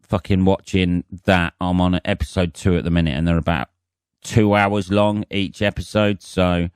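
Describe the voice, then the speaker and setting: Bloke rambling on his podcast, low smooth voice, swears a lot, loads of ums. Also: level tone, normal speed, dry recording, clean studio sound. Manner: rambling, sweary, self-mocking, with frequent ums. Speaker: podcast host. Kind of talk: solo casual monologue.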